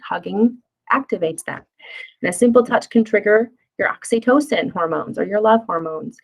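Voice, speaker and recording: A woman's voice: mid-range voice, normal speed, gravelly, poor audio. A middle-aged woman presenting a parenting workshop in a friendly, conversational way, with fillers and playful acted-out asides. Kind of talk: casual spoken workshop lesson.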